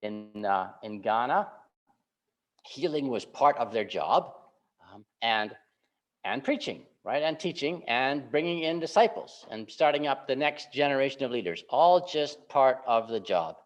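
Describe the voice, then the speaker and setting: A male pastor giving a relaxed, conversational sermon, often checking in with the congregation by asking "right?". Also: medium pitch. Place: church sanctuary. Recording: slightly muffled church recording.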